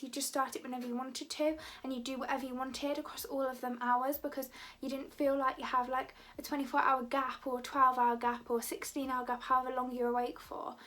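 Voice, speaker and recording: Young woman, high voice, rambling chatty vlogger. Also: fairly bright tone. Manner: rambling, chatty, many "like" fillers. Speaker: beauty vlogger. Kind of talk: casual chat to camera.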